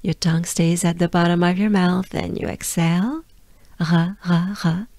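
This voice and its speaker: A Frenchwoman with a French accent gives a slow pronunciation lesson, patiently drilling sounds and repeating them. Her voice is lowish, darkish, and fairly even at a normal speed, but slightly strained as she is losing it. There is no echo.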